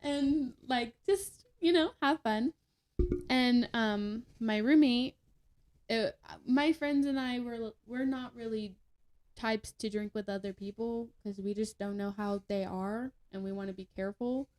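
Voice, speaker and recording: A woman's voice: a little high, fairly even intonation, unhurried, darkish tone. A young woman telling a story as a podcast guest in a casual, chatty way, with lots of fillers and laughter. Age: young adult.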